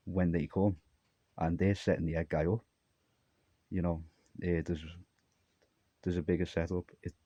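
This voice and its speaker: A man's voice: low-pitched, mellow, dry recording. A man from Armenia talking to camera in a rambling solo monologue, jumpy and disjointed, trailing off mid-thought. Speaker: vlogger.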